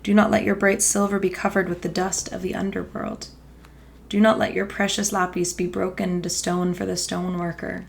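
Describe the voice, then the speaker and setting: A woman's voice: on the low side, little pitch movement, moderate pace, vocal fry, a little hiss or hum. A woman voicing a loyal female servant who pleads in repeated appeals. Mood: pleading.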